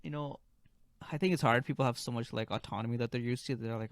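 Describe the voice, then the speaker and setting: A man's voice: medium pitch, fast, no echo. Easygoing young man, dry close sound. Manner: easygoing, laughs along. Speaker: podcast co-host, physician. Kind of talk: casual podcast chat.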